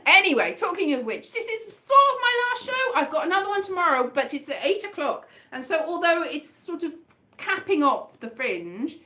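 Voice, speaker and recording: A woman's voice: extremely high pitch, sing-song, moderate pace, pushed and bright. A woman hosting her own online fringe show, rambling chattily and self-mockingly, half singing her talk over a guitar. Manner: chatty, meandering, sing-song, self-mocking.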